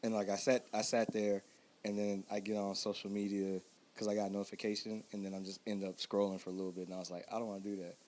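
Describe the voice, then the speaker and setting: A man's voice: on the low side, little pitch movement, fast, darkish tone, slight background noise. A man co-hosting a casual podcast chat, telling rambling stories and laughing often. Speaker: podcast co-host.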